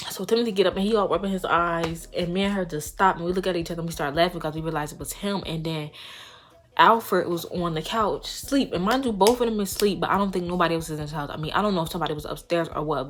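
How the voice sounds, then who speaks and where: Animated young woman telling a story. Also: fairly low pitch. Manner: animated, slangy, addresses viewers directly. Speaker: vlogger. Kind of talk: casual storytime.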